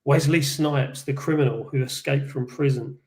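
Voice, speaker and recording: A man's voice: mid-range voice, normal speed. Dry-humored man telling a story. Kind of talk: casual group chat.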